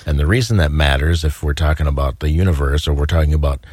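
Very deep-voiced earnest man. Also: quick pace, darkish tone, dry recording, studio quality. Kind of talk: casual faith discussion.

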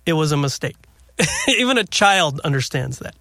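A man's voice: on the high side, very animated, moderate pace, pushed and bright, no echo, studio quality. A man in casual conversation about faith, telling a story and laughing often.

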